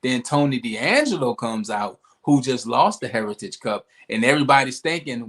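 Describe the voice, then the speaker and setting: A young man co-hosting a podcast, recapping wrestling in lively casual chat with playful asides. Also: mid-range voice, normal speed, hardly any pauses. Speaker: podcast co-host.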